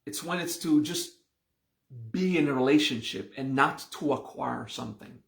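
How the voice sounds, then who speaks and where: Teaching a live online class, this meditation and mantra teacher slowly and patiently explains the meanings of words, frequently checking in with an "okay?" His mid-range voice has some vocal fry and sounds reverberant.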